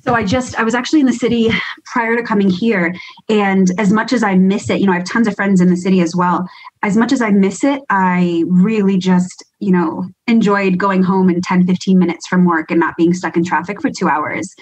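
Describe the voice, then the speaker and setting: Woman, New York accent, husky tone, fast animated guest chatter. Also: mid-range voice, poor audio. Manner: quick, laughing, animated talk. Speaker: podcast guest, nurse educator. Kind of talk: casual interview chat.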